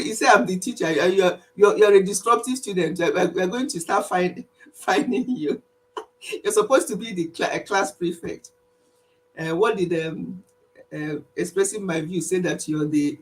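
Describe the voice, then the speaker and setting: A woman's voice: on the low side, recorded from a distance, low-quality recording. A woman hosting an online praise and health session, speaking earnestly, repeating herself and teasing her listeners playfully over a video call. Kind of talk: casual spoken prayer and chat.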